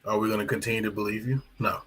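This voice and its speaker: A man's voice: fairly low pitch, steady tone, rapid-fire, a bit bright, slightly rough, poor audio. A man hosting a live boxing talk stream, chatting in a rambling way with fillers and self-corrections. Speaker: boxing commentator and channel host. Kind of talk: casual live-stream commentary.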